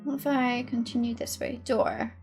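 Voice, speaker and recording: A woman's voice: a little high, level tone, normal speed, darkish tone, soft background music. A woman streaming a game, talking to herself and to the characters in chatty running commentary. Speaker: gaming streamer. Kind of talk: let's-play commentary.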